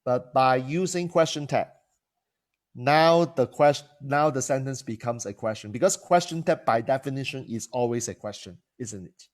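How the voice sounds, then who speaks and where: This coach speaks at a medium pitch and a normal speed while teaching to camera. He's a trainer who regularly restarts what he's saying and asks questions he doesn't expect answered.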